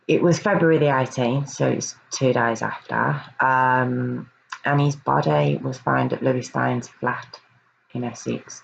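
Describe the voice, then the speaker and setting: A woman's voice: extremely low pitch, steady tone, a little slow, gravelly, highs cut off, slight background noise. A woman earnestly recounting a true crime case in a casual review, often hesitating and repeating words.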